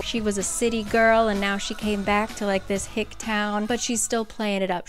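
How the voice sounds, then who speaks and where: A woman's voice: mid-range voice, little pitch movement, normal speed, few pauses. Chatty young woman recapping a book. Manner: chatty, sarcastic asides, dips into hushed dramatic quoting. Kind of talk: casual plot recap with quoted character voices.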